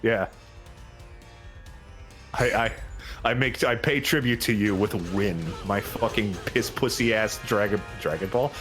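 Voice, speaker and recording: A man's voice: on the low side, unhurried, long pauses. A man hosting a let's play, chatting casually and swearing freely, breaking into silly voices as he tells stories. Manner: animated and profane, jumping into silly voices for quotes. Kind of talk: casual chat over gameplay. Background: game music.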